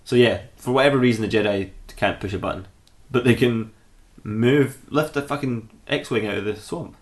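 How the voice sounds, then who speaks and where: A man's voice: mid-range voice, moderate pace. A man co-hosting a podcast, chatting casually and enthusiastically, laughing a lot and swearing freely. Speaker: podcast co-host. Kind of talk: casual chat.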